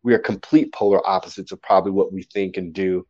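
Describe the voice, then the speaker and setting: A man, a poet, telling stories casually in an interview, animated and acting out quotes. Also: low voice, fast talker, husky, muffled recording.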